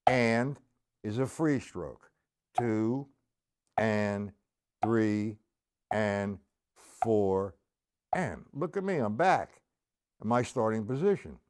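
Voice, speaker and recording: A man's voice: on the low side, lively intonation, slow, pauses often, darkish tone. A middle-aged man teaching a live-streamed drum lesson, patiently explaining and counting aloud as he plays.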